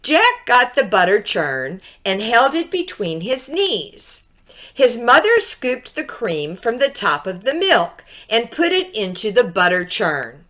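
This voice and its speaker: A woman teacher reading a picture book aloud to children, gently asking her young listeners questions. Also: on the high side. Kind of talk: children's read-aloud storytelling.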